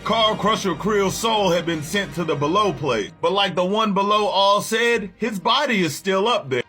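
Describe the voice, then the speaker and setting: A man telling a comic storyline in loose, profane street slang, full of energy. His voice sits high and bright. Faint background music plays under him. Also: normal speed. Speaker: comic recap host. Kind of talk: casual comic book recap.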